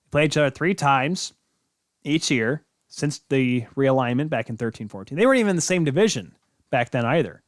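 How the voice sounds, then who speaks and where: Male sports podcast host, mid-pitch, rambling and jokey, dry close mic. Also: no echo. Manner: rambling, self-correcting, jokey. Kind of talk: casual sports talk.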